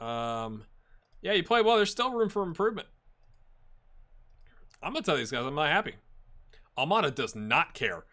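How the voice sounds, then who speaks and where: Man, game commentator, lively swooping voice, bright tone, excitable, talks to his players. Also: fairly high pitch, moderate pace, long pauses. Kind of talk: let's-play commentary.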